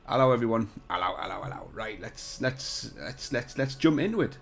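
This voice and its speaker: His mid-range voice is creaky and lively in intonation, moving fairly quickly with few pauses. The man is a CAD tutorial streamer broadcasting from a hotel room, casually joking with his audience and cursing now and then. There's no shock mount or pop filter on his desk mic.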